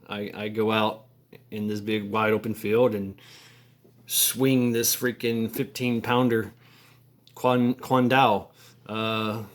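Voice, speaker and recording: A man talking casually to camera in a halting, rambling way, full of fillers, restarts and crude slangy asides. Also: lowish voice. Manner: halting, many repeated words and fillers. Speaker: vlogger.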